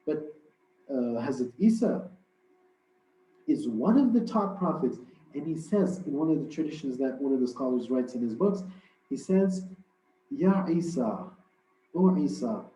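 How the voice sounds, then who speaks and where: A man's voice: medium pitch, lively intonation, measured pace, pauses often, dark tone. A man giving a religious lecture in a conversational, storytelling way, with frequent fillers and restarts. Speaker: religious speaker. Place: religious hall. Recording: roomy, dull lo-fi hall recording.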